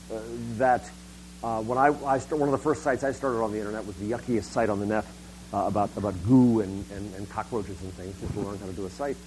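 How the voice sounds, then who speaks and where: A man's voice: mid-range voice, darkish tone, slight background noise, poor audio. A middle-aged man gives a public talk on internet policy. He speaks emphatically, often restarting and repeating words.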